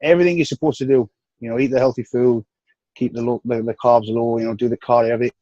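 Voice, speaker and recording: A man with a North East English accent, speaking frankly and easily as a guest on a podcast, often sinking into low, tired tones. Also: fairly even intonation, quick pace, dark tone, dry recording. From North East England. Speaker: guest bodybuilder. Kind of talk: casual podcast interview. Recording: dry, dull lo-fi sound.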